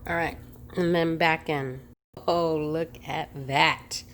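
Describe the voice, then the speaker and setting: A woman's voice: low voice, fairly even intonation, slow pace, fairly bright tone, a little hiss or hum. A woman vlogging in her home kitchen, chatting casually as she talks through each cooking step.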